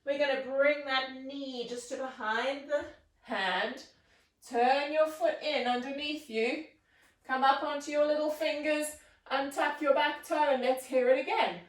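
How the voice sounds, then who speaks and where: A woman's voice: sits high, steady tone, measured pace, recorded from a distance. A woman leading a children's yoga class, with encouraging, playful, sing-song instructions. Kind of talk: guided kids' yoga class. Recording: echoey room, voice from afar.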